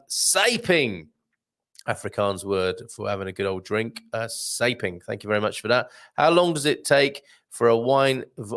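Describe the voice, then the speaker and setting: A man's voice: medium pitch, creaky. A middle-aged man hosts a casual livestream, chatting and joking as he reads viewer comments aloud. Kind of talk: casual live-stream chat.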